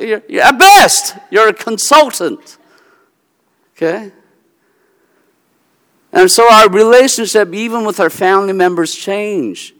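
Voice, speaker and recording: A man preaching a sermon with a high, bright and forceful voice. He teaches emphatically, laying out his points step by step. The sound carries a long reverb from a large hall. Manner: emphatic teaching with logic examples. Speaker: pastor.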